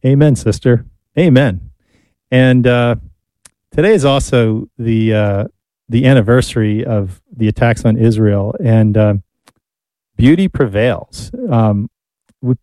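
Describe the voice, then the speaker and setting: Playful, mellow-voiced man co-host. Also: mid-range voice, dry recording. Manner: playful, halting with repeated words. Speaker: radio co-host. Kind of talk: casual chat.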